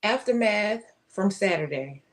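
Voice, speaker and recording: A woman's voice: mid-range voice, lively intonation, a little slow. A woman co-hosting a casual chat, telling a story about her day in a self-mocking, laughing way. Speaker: co-host.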